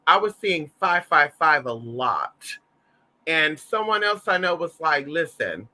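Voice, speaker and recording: A man from Southern Louisiana hosting a casual livestream, telling stories in an animated, campy, profane way while reading the chat. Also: fairly high pitch, a little slow. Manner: animated, campy, profane, calls listeners y'all and honey.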